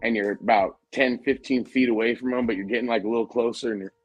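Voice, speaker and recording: A man's voice: mid-range voice, fast talker, no room sound, muffled recording, faint music behind. A man hosting a casual podcast, telling a convention story with lots of swearing and laughter. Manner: profane, animated, laughing while telling stories. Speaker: podcast host.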